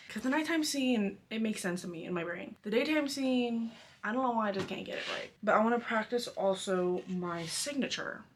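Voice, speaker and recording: A woman's voice: medium pitch, fairly bright tone, slight background noise. A young adult woman painter in her home art studio, chatting casually for her vlog in a rambling way full of "like" fillers. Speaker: painter and vlogger.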